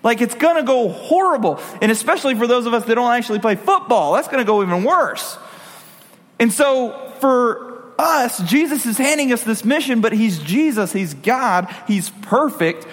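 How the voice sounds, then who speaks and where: A man's voice: very high voice, lively intonation, moderate pace, in a large hall. A man preaching a casual sermon, talking conversationally with jokey asides and questions to the audience.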